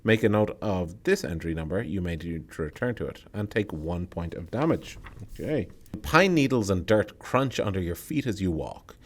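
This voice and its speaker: A man reading a solo tabletop horror game aloud and breaking off to comment on his choices. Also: fairly low pitch. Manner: reads the text aloud, then adds quick asides about his choices. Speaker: solo game player and narrator.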